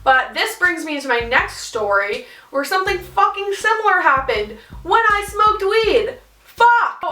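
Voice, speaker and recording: A young woman telling a casual storytime vlog, animated and full of swearing and fillers. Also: fairly high pitch, distant mic. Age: young adult. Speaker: vlogger. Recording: roomy sound, off-mic.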